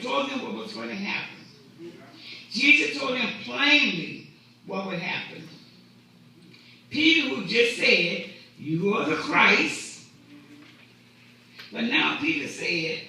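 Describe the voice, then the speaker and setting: A man's voice: sits high, expressive, unhurried, creaky, pauses often, sharp tone, heavy reverb, recorded from a distance, slight background noise, low-quality recording. A man preaching a sermon in a conversational way, often repeating and restarting his words, recorded in a church. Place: church sanctuary.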